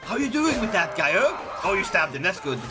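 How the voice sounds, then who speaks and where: A man giving playful let's-play commentary, theatrically shouting mock battle orders and giggling, with game music behind. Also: sits high, very animated, fairly quick. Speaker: gaming YouTuber.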